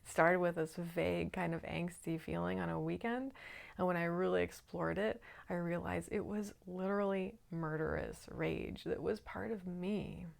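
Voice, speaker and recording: A woman who works as a shadow work coach, telling a personal spiritual story in a calm, earnest way. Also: fairly low pitch, normal speed, creaky.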